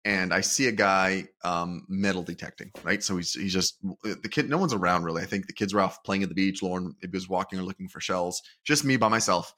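A man co-hosting a podcast, telling a story in a relaxed, self-deprecating way. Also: low voice, brisk, few pauses. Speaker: podcast co-host. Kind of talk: casual chat.

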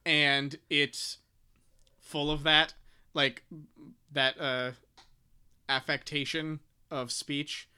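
Casual male co-host, bright and crisp, halting delivery with lots of fillers. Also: a little high, flat delivery. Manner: hesitant, many restarts and fillers, reads passages aloud. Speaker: podcast co-host discussing a book. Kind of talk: casual chat.

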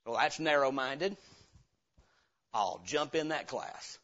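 A man, a pastor, preaching a sermon with rhetorical questions and sudden swings from hushed to loud. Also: medium pitch, lively intonation, takes it slowly, muffled recording.

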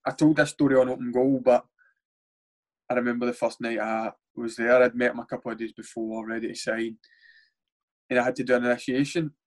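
Scottish man, young footballer, casual storytelling, animated, swears a lot. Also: medium pitch. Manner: animated, swears freely, acts out quotes. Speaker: footballer guest.

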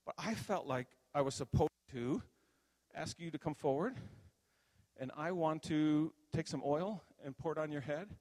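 An older man telling a playful, animated story as a sermon, acting out voices in the telling. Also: a little high, normal speed. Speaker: pastor. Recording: reverberant hall.

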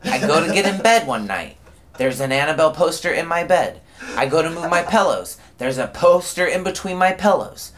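A man's voice: a little high, moderate pace. A man in casual chat, acting out his reactions as he tells how he was pranked in a rehab house. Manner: expressive storyteller, acts out his reactions. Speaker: rehab resident telling prank stories.

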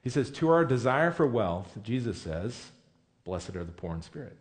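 A man's voice: mid-range voice, very animated, normal speed. A man preaching a sermon in a conversational, emphatic way, often correcting himself mid-sentence. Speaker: pastor.

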